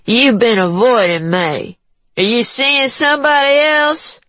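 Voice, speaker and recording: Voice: mid-range voice, measured pace, pushed and bright, dry recording, voice pushed up. A narrator voicing a brash, mocking, beery middle-aged woman in an audiobook, with a slangy, taunting manner. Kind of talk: audiobook character voice.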